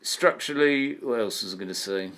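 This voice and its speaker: A man's voice: mid-range voice, a little fast, fairly bright tone. A man teaching an online poetry lesson, thinking aloud and asking his students questions. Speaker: English teacher.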